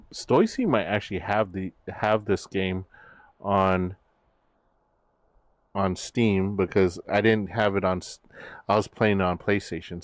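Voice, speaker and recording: Low, slow-talking male streamer. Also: dry recording. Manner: rambling, many fillers and restarts. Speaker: VTuber streamer. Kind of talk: casual stream chat.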